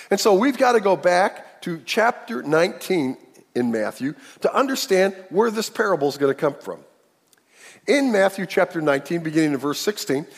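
Husky, animated preacher in a reverberant church. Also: male voice, sits high. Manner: animated preaching, acts out the people in the story. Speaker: pastor. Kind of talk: sermon. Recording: long hall reverb.

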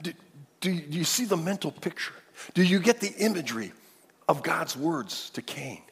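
A man's voice: fairly high pitch, animated, moderate pace, a bit bright, slightly rough, long reverb tail. An older man preaching a sermon as pastor, emphatic, often repeating words and restarting phrases.

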